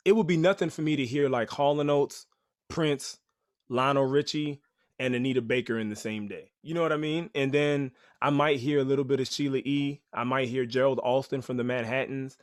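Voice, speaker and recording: A man in a medium register tells stories as a podcast guest. He is animated and chatty, with plenty of "like" and "you know". The sound is dry and close. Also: medium pitch, no echo. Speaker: podcast guest, rapper and teaching artist. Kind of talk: casual storytelling.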